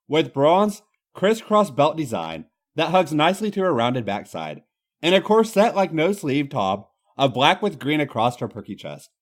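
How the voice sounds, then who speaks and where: Man reading with wildly swooping pitch. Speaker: host reading fan fiction aloud. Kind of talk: comedic dramatic reading.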